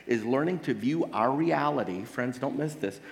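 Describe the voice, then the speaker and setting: A man's voice: medium pitch, lively intonation, moderate pace, vocal fry. Earnest male pastor preaching in a hall. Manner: earnest, pleading, emphatic preaching with rhetorical questions. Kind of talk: sermon. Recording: long hall reverb.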